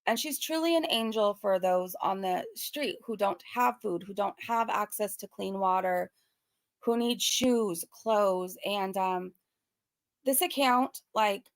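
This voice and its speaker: In a casual commentary vlog, a young YouTuber from Southern California rambles earnestly to her audience, using lots of fillers. Choked up and close to crying, she speaks slowly in a mid-range voice, recorded without echo.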